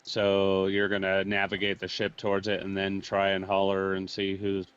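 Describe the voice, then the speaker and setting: A man acting as game master, making relaxed, matter-of-fact rulings in a tabletop game. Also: low-pitched, normal speed, a little hiss or hum. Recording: dull lo-fi sound.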